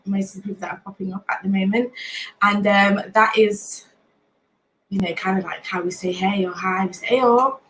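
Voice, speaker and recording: A woman's voice: medium pitch, steady tone, normal speed, fairly bright tone, slight background noise, poor audio. A woman in her late twenties from Nottingham with a Nottingham accent, hosting a casual livestream, chatting, laughing often and greeting viewers by name. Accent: Nottingham English. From Nottingham, England. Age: late 20s. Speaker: livestream host.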